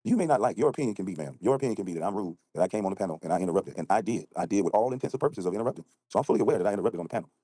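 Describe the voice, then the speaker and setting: A man livestreaming from an outdoor balcony at night, ranting rapidly and combatively and acting out both sides of an argument. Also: lowish voice, expressive, mellow, slightly rough, no room sound. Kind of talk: heated casual livestream rant.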